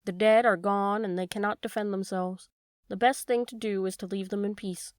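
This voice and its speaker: An earnest, indignant wooden marionette boy, as a woman reads him aloud. The voice is close and dry, pitched in a natural middle range. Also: fairly even intonation, normal speed, no echo, lightly acted. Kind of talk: storybook reading.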